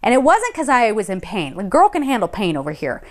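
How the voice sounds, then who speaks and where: A woman's voice: on the high side, a little fast. Chatty woman telling a story. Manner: chatty, animated, laughs often, rambling asides. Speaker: vlogger. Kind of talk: casual storytelling. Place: Colorado Springs.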